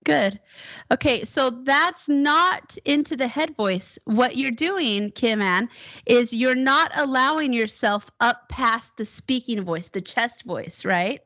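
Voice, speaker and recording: A woman teaching a one-on-one singing lesson, encouraging her student and demonstrating high whoops. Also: lively intonation, takes it slowly, sharp tone.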